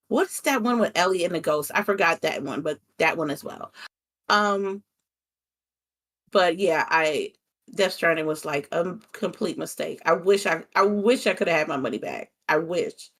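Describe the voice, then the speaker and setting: Brief: young woman guest, lively storyteller, casual and candid. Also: fairly low pitch, a little slow. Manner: animated storytelling, swears casually. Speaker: content creator guest. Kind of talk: casual interview chat.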